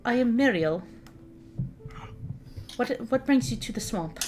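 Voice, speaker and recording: A woman's voice: fairly high pitch, animated, a little slow, darkish tone, slight background noise, pitched above the performer's own voice. A woman voicing a weary, wary peasant woman who has been spying, in a tabletop game. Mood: cautious.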